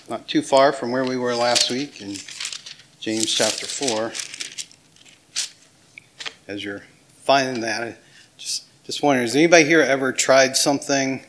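Middle-aged male pastor, Southern accent, relaxed conversational sermon, ordinary pitch. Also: normal speed, background noise. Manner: casual, self-deprecating, with small laughs and restarts.

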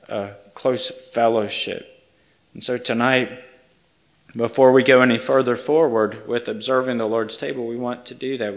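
Male pastor, measured sermon delivery, hushed at times. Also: medium pitch. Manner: slow, earnest, dropping to a hush.

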